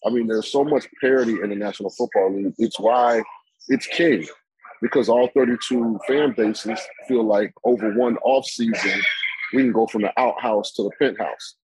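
A man's voice: on the low side, normal speed, darkish tone, husky, poor audio. A man giving opinionated football analysis on a sports talk show, rambling with many fillers and restarts.

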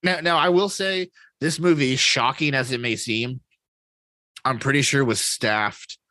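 A man co-hosting a casual podcast, his voice bright and forceful. He talks excitably and swears freely, and the dry, close sound has no room echo. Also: mid-range voice, a little slow. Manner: profane, excitable, laughs often. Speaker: podcast co-host. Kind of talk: casual movie chat.

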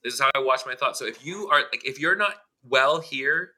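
A man's voice: medium pitch, lively intonation, fairly quick, pushed and bright. A man co-hosting a casual chat, blunt and emphatic, swearing freely.

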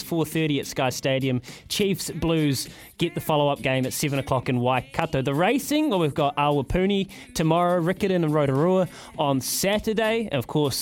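A man with a New Zealand accent reads a sports rundown on breakfast radio, his voice pitched somewhat high for a man. He keeps it energetic and punchy, rattling through fixtures into a studio microphone. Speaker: radio co-host, sports segment. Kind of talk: upbeat sponsored sports rundown.

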